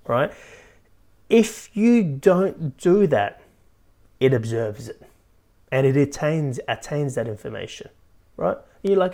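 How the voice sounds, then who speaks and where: A man's voice: a little high, moderate pace, gravelly. A man hosting a motivational podcast as a life coach, talking animatedly and tagging his points with "right?". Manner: keeps adding "right?", animated.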